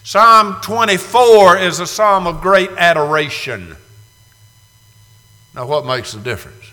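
A man in his sixties preaching a dramatic sermon, moving from hushed, slow passages to loud cries. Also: high voice. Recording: reverberant hall.

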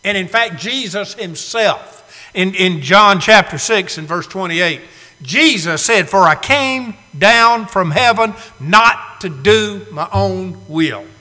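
A man preaching a sermon, swinging from loud to hushed, with slow emphatic phrasing. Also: sits high, expressive. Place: church sanctuary. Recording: long hall reverb.

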